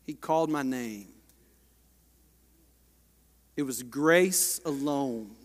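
A Baptist pastor, preaching a sermon with passion, swinging from hushed to loud. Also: male voice, mid-range voice, very slow. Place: large church sanctuary. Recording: long church reverb.

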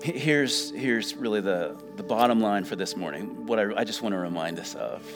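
A man's voice: lowish voice, moderate pace, music in the background. A male pastor preaching a sermon, emphatic, asking the congregation questions and waiting for answers.

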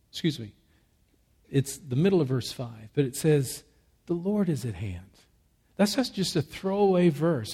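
Male pastor, sermon delivery, emphatic and measured, slightly raised pitch, nursing a cough. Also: mellow, slightly rough. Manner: measured, emphatic preaching with rhetorical questions. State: fighting a cough.

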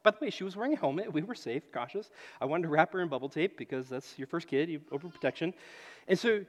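A man's voice: fairly high pitch, fast. A man in his late thirties preaching a sermon, telling stories and acting out voices, often repeating his phrases. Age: late 30s. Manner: animated storytelling, acts out voices, repeats phrases. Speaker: pastor. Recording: echoey hall.

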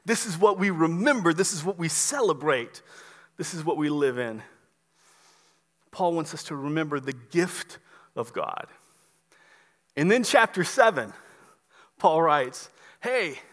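A man preaching a sermon as pastor, emphatic and repetitive, dropping soft on key words. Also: high-pitched, big-room sound.

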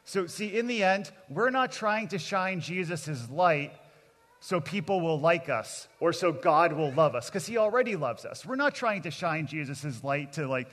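A man's voice: a little high, lively intonation, measured pace, a bit bright. Earnest man preaching in a reverberant hall. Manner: earnest, plainspoken, calls out to the crowd. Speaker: kids camp pastor. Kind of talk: sermon to children and adults.

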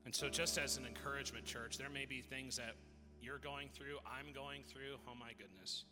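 Halting male pastor in an echoey church. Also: mid-range voice, fairly even intonation. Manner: halting, repeats words and restarts. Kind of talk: sermon with personal story. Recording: music with long hall reverb.

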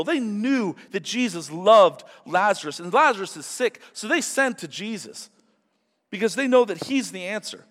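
A male pastor preaching a sermon, animated, acting out quotes in different voices. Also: sits high, moderate pace, long reverb tail.

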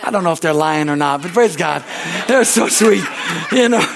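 High-voiced folksy American preacher man. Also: animated, quick pace, creaky. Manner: folksy, rambling, often asks "Amen?"; self-deprecating, laughs easily. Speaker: pastor. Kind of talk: sermon.

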